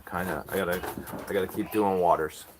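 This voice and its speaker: A man's voice: low-pitched, steady tone, fairly quick, heavy background noise. A man hosting a live stream from a farm, doing chores in the barn and talking fondly to the animals as he goes. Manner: chatty, talks fondly to the animals.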